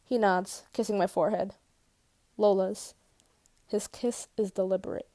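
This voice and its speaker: A woman's voice: mid-range voice, fairly even intonation, unhurried, dark tone, dry recording. A woman reading a first-person novel aloud in a casual way, correcting her slips and swearing at them. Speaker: audiobook reader.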